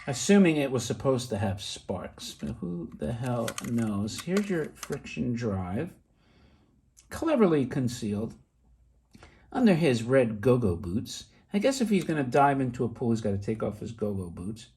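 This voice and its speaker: A middle-aged man casually showing off vintage toys, chatty and excitable with rambling asides. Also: mid-range voice, measured pace, a little hiss or hum. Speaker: toy collector vlogger. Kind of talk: casual show-and-tell.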